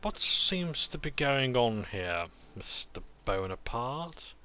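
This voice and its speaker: A man doing a slow, cold villainous priest. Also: medium pitch, pitched above the performer's own voice, full character voice. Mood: cold menace. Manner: slow, calm, menacing. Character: cold, cruel middle-aged male priest villain.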